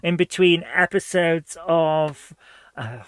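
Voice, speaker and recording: A woman's voice: low-pitched, slow, no room sound. Woman host, casual upbeat stream chat, dry close mic. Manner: chatty, upbeat, laughs easily. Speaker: host of a live retro gaming stream. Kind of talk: casual live-stream chat, reading viewer comments.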